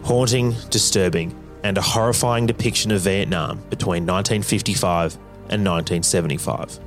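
A low-pitched male narrator delivers scripted documentary lines, dramatic and measured as he works through facts and figures. Faint music runs behind his voice.

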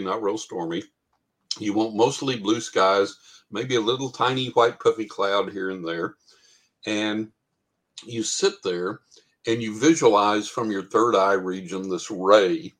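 A man's voice: on the low side, fairly bright tone. A man chatting casually about spiritual matters, telling stories and laughing often.

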